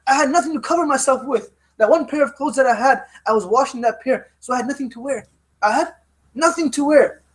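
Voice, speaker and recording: A man's voice: very high voice, a little fast. A man voicing a ruler's young daughter in a retold story, speaking in a pleading way and repeating herself.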